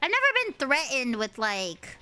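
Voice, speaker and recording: A woman in her early twenties with a high, cute, anime-girl-like voice, chatting and ranting with lots of swearing while streaming a game. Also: moderate pace, smooth. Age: early 20s. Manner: animated ranting with frequent swearing. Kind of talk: casual gaming stream chatter.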